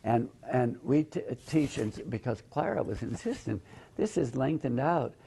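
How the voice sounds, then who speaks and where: An older man, a movement teacher, reflecting in an interview, halting with many repeated words and fillers. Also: medium pitch, expressive, gravelly, mellow, husky.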